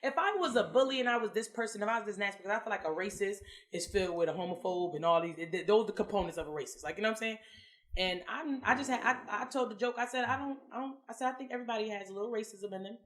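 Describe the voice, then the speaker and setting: A woman's voice: mid-range voice, racing. A woman comedian telling a story in casual podcast chat, acting out quotes and laughing often. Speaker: comedian guest.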